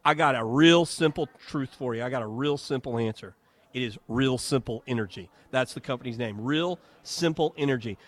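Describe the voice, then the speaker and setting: A man's voice: mid-range voice, normal speed. A man hosting a live radio talk show from a home and garden show, chatting, joking and reading ads.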